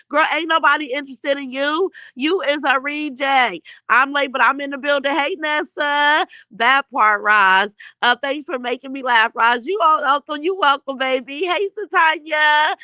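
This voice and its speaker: Sassy woman host, bright and high, reading chat comments with mocking gossip, dry close mic. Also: no echo, low-quality recording. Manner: sassy, laughing, mocking impressions. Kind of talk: casual gossip livestream chat.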